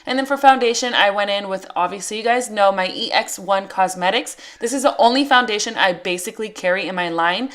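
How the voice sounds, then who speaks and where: Talking a little fast with few pauses, this makeup artist keeps up a chatty, relaxed voice-over for her tutorial. Her pitch is ordinary and mid-range, and she walks through every step in a friendly, conversational manner.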